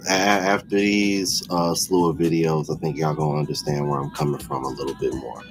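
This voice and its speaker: A man's voice: very deep voice, steady tone, a little fast, slightly rough, soft background music. A man hosting a stream, giving blunt, slangy commentary on clips he plays. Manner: blunt, slangy, laughs along. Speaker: stream host reacting to clips. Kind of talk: casual reaction commentary. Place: home office.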